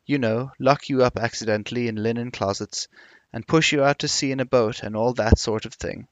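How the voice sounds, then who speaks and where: A man's voice: medium pitch, fairly even intonation, brisk, dry recording, natural voice. A man reading as a brittle, cynical society woman. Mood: wistful cynical. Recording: dull lo-fi recording.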